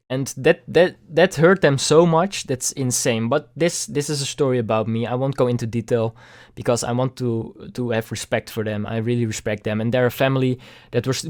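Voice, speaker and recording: A young man vlogging a candid personal story, halting and repeating words, with casual swearing. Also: medium pitch, a little mellow.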